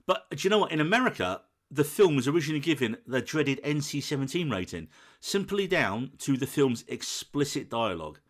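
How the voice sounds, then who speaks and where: A man co-hosting a film podcast, telling a scene with lively, acted-out quotes. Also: fairly high pitch, a little fast. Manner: animated storytelling, acts out quoted lines. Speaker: podcast co-host. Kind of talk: casual film chat.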